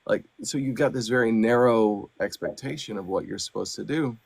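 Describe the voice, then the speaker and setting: A man, an audiobook narrator and actor, chatting as a podcast guest in an animated way with lots of fillers. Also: mid-range voice, brisk, creaky, husky, no room sound. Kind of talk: casual podcast chat.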